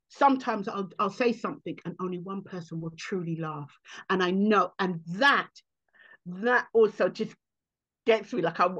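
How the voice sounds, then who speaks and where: A woman comedian telling stories in an interview, animated and acting out the people she quotes. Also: highs cut off. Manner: animated, acts out quotes with big pitch jumps. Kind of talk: interview storytelling.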